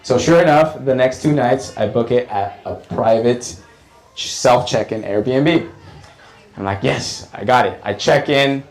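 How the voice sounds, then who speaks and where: Animated profane storytelling man. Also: mid-range voice, measured pace, rough recording. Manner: animated, profane, repeats lines for effect. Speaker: comedian. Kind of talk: stand-up storytelling.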